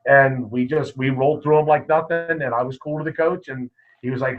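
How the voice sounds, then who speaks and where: A man, a wrestling coach, telling stories in a casual interview, lively and full of quoted dialogue. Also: medium pitch, brisk. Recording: muffled lo-fi podcast audio.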